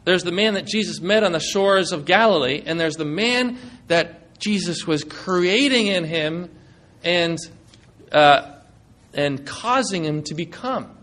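A male preacher giving a sermon, retelling scripture with animated storytelling and acting out the quoted lines. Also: high-pitched, measured pace.

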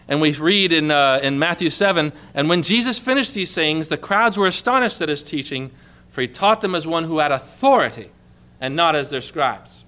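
Preacher, male, high and bright, emphatic scripture-reading delivery. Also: lively intonation, brisk. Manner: emphatic preaching, reads scripture aloud with rising intensity. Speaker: pastor. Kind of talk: sermon.

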